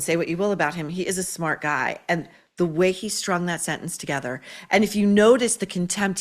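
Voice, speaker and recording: A woman's voice: medium pitch, fairly bright tone. Scathing sarcastic woman commentator. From United States. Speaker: host. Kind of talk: opinionated commentary.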